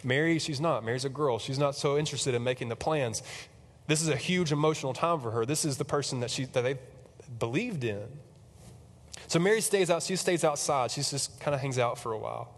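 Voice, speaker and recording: A man's voice: medium pitch, fairly quick. Chatty man preaching in a reverberant hall. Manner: chatty and animated, lots of fillers. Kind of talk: casual sermon storytelling.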